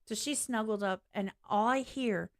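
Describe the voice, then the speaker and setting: A woman's voice: medium pitch, normal speed. A woman live streaming to her viewers in a casual, candid rant, blunt and swearing freely, laughing along the way. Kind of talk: casual ranting livestream chat.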